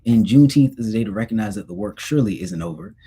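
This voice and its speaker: A young man speaking as a guest on a livestream, earnest and relaxed, with casual slang. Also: on the low side, racing, slight background noise. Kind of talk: informal lecture and chat.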